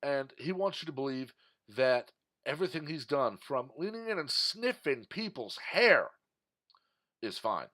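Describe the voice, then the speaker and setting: Man, from Texas, middle pitch, opinion commentary monologue, indignant, emphatic, ranting. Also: big pitch swings, unhurried, pushed and bright. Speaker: political commentator.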